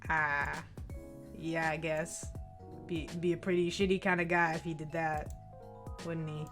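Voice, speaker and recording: A woman doing a laid-back deadpan teen boy. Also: low voice, a little slow, soft background music, pitched below the performer's own voice. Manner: drawling, deadpan, swears casually.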